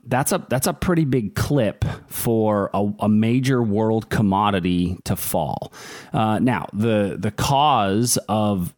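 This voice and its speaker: A man's voice: on the low side, darkish tone, no echo, clean studio sound. A man co-hosting a casual news show, joking about odd stories and then explaining oil market moves at length. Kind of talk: casual chat and market commentary.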